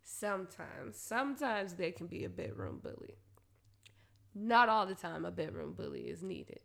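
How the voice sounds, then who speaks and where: A woman talking straight to her listeners in a blunt, profane casual monologue, laughing often and getting loud and animated when she rants. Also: fairly low pitch, moderate pace, gravelly. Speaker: solo talker giving advice.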